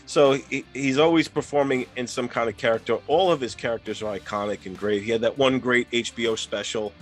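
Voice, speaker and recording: A man's voice: mid-range voice, fairly even intonation, fairly quick, soft background music. Chatty laid-back male podcast host. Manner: chatty, laughs often. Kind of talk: casual chat.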